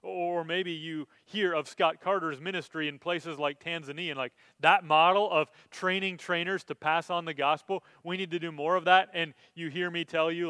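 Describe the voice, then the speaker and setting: A man's voice: a little high, pushed and bright, smooth, no echo. A male pastor preaching a sermon in a conversational way, building to emphatic, impassioned stretches.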